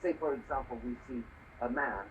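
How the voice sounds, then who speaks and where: A man's voice: medium pitch, fairly quick. A man in casual conversation, telling a story in an earnest way and often adding "you know". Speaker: conversation partner. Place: lives in Hong Kong. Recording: distant, muffled, faint background noise.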